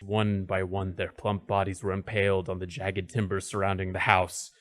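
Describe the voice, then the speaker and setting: A man's voice: deep voice, little pitch movement, normal speed, fairly bright tone, no room sound. Man narrating a dramatic fairy tale. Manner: dramatic, mock-solemn storytelling. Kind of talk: storybook narration, comedic.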